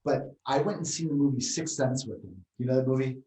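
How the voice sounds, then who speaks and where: Guy chatting on a podcast, rambling animated stories, echoey room, kinda far from the mic. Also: mid-range voice, brisk. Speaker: martial arts podcast co-host. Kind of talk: casual chat. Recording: roomy, set back from the mic.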